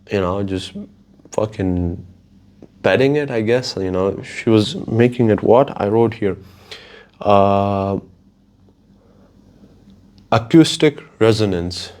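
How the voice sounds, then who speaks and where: A man hosting a podcast, talking casually on his own in a profane, rambling way. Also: fairly low pitch. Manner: profane, rambling, animated storytelling. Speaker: podcast host. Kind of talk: casual solo monologue.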